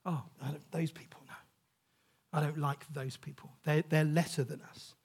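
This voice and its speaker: A male preacher briefly voicing a prejudiced man who looks down on others, muttering quietly and with disdain. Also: on the high side, level tone, normal speed, vocal fry, breathy edge, voice pushed down. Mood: disdainful.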